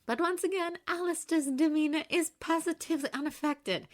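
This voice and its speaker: A woman reading fanfiction aloud in an animated storytelling manner, close to the microphone. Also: very high voice, moderate pace, dry recording. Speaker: audiobook reader. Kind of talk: fanfiction narration.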